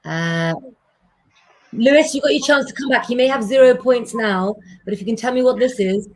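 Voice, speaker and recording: Woman hosting a live chat show, bit high voice, teasing and laughy. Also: normal speed, darkish tone, low-quality recording. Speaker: host.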